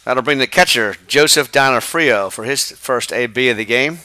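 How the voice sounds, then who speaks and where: A man calling a high school baseball game play by play from the press box, brisk and chatty. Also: bright, forceful tone, no echo. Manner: brisk, chatty, laughs with partner. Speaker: play-by-play announcer. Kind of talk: live baseball play-by-play commentary.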